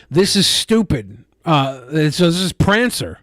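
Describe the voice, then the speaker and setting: A man's voice: on the high side, big pitch swings, measured pace, hardly any pauses, a bit bright, no echo. A man co-hosting a casual podcast, reading personal ads aloud and mocking them. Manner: mocking, reads personal ads in put-on voices. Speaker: podcast co-host.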